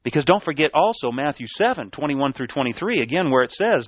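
A man's voice: fairly high pitch, expressive, quick pace, few pauses, no room sound. A man preaching a sermon, emphatic, repeating key words and swinging between a raised and a dropped voice. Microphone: sermon tape recording. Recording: dull dry lo-fi church tape.

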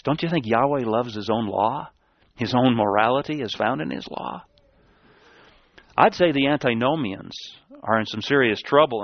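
A man's voice: medium pitch, no room sound. A man preaching a sermon, emphatic, repeating key words and swinging between a raised and a dropped voice. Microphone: sermon tape recording. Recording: dull dry lo-fi church tape.

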